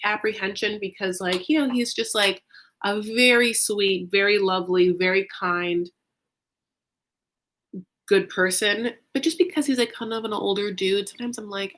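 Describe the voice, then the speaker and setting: A woman's voice: medium pitch, steady tone, normal speed, a bit bright, slight background noise. A woman hosting a casual livestream recap, chatting loosely, saying "like" a lot and answering viewer comments. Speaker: recap show host.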